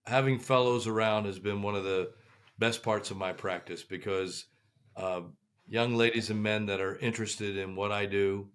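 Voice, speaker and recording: An older man, a guest surgeon on a podcast, speaking in a halting way with many pauses. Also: fairly low pitch, steady tone, clear, resonant tone. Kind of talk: casual podcast interview.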